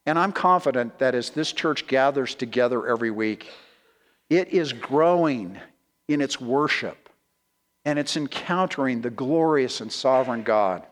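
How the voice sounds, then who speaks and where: A man's voice: medium pitch, expressive, measured pace, long reverb tail. A man preaching a sermon as a guest pastor in a church, emphatic and repeating key words as he addresses the congregation as friends.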